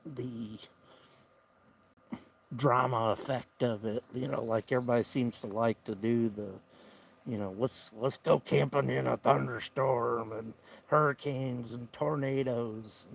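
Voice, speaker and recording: Slow, gravelly Southern man. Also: medium pitch, fairly even intonation, a little hiss or hum. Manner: slow, easygoing drawl with rambling fillers. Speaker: camping livestream host. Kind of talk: casual live-stream chat. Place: outdoor campsite by the woods.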